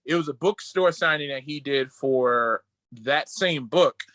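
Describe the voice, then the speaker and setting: A man co-hosting a casual podcast over a video call, telling excited stories and quoting people in a lowered voice. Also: measured pace, dry recording. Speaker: podcast co-host.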